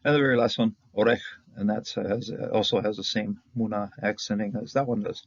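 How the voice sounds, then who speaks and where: Man, gravelly low voice, informal grammar lecturer who chuckles and checks in often; dry, dull-sounding recording. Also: steady tone, fairly quick, dry recording. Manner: chatty, with chuckles and frequent "uh" and "okay?". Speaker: Hebrew grammar teacher.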